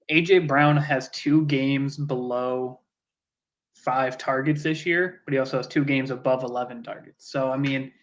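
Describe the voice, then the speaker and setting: A man's voice: mid-range voice, a bit bright, lo-fi sound. A man co-hosting a fantasy football podcast, joking and blunt in casual chat, swearing freely. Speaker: podcast co-host.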